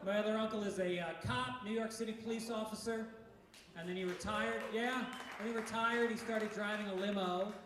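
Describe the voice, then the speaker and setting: A middle-aged male stand-up comic with a fairly high voice, firing off jokes in a punchy, brash way and breaking into shouts now and then. He sounds set back from the mic, and his voice rings around a very echoey club room. A clear layer of noise sits under it all. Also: fairly even intonation, a little fast, distant mic, crowd noise. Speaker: stand-up comedian. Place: comedy club stage.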